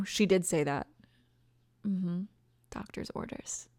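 A woman's voice: mid-range voice, creaky, dry recording, studio quality. A woman playing a pregnant girlfriend, a former bully, tough on the outside and insecure underneath, in an audio role-play spoken straight to the listener. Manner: emotional, defensive then tender, soft confessional asides.

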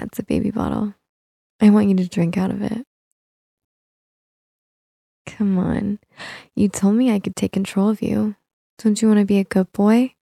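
A teasing, controlling young woman, played by a woman in an audio role-play, coaxing her listener with soft laughs. Her voice has a gravelly fry and a dark, mellow tone. The sound is close and dry, with no room around it. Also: mid-range voice, no echo.

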